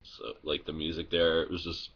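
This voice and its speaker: Low-voiced young man rambling. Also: monotone, moderate pace, breathy edge, dull audio. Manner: rambling, full of "like" and restarts, laughs at his own stories; swears casually. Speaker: vlogger. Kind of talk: casual vlog storytelling. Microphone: phone.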